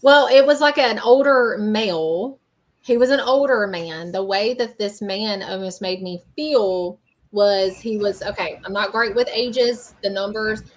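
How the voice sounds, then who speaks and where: A woman with a mid-range voice hosts a live-streamed psychic reading as a medium, rambling and hesitating with lots of filler words. The audio is low quality, picked up by a streaming mic.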